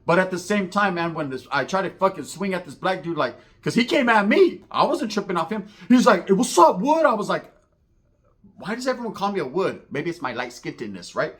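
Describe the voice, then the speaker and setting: A man's voice: sits high, brisk. A man telling a profane comedic street story, acting out the voices of the people in it. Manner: animated, profane, slangy, acts out voices in the story.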